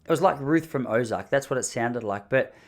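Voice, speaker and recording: A young adult man hosting a podcast, telling a story casually in an animated, jokey way. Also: medium pitch, a little fast. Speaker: podcast host.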